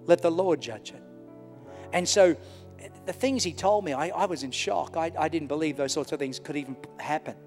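A middle-aged man preaches a sermon in a high-pitched voice, driving his points home by repeating phrases. His voice rings through a large church hall with a long reverb tail. Soft music plays faintly underneath. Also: a little fast. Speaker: pastor.

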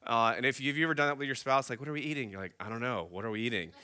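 A man's voice: medium pitch, racing. A man in his thirties, a pastor, telling a story in a sermon and acting out the dialogue. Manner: animated storyteller acting out both sides of a dialogue.

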